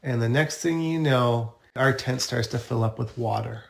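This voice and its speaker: A man from Canada recounts a camping night as a podcast guest, easygoing and matter-of-fact. His voice has a gravelly fry to it at a middle pitch. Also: normal speed. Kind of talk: casual storytelling in a podcast interview.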